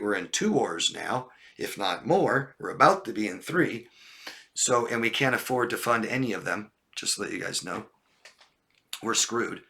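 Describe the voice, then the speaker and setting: Bright-voiced man giving blunt advice. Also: on the low side. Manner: direct, repetitive, checks in with "okay?". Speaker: life coach. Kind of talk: livestream advice talk answering viewer questions.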